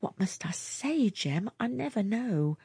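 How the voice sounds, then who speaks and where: A woman voicing an anxious, gentle young mother who speaks softly and pleadingly. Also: medium pitch, big pitch swings, a little slow, breathy edge, no echo, clean studio sound, voice pushed up, full character voice. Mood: timid. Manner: soft and pleading.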